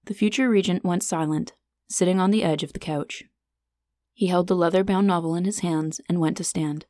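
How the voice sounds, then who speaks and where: A woman narrating a fantasy story with steady, even-paced storytelling. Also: lowish voice, normal speed, no room sound.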